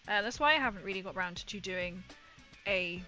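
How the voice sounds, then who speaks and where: A woman's voice: mid-range voice, moderate pace, music in the background. A woman, chatting casually with viewers on her livestream, rambling and laughing often. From England. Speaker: livestream host.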